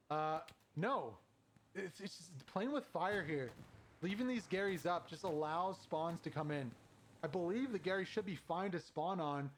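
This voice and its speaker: A man casting a competitive online shooter match as play-by-play commentator, quick and conversational, climbing in pitch when the action heats up. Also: a little hiss or hum. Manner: excited, rising sharply at big plays. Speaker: shoutcaster.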